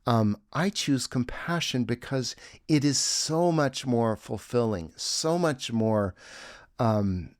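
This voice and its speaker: A man's voice: medium pitch, expressive, takes it slowly, no room sound, studio quality. A man giving a reflective teaching talk with a breathing exercise, earnest and musing, with audible exhaled sighs. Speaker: self-help teacher.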